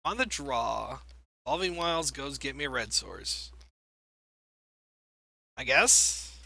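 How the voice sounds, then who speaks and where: A man's voice: mid-range voice, animated, takes it slowly, creaky, bright, forceful tone, no room sound. A young man giving wry, self-mocking commentary on a card game match as he plays, thinking aloud. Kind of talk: gameplay commentary.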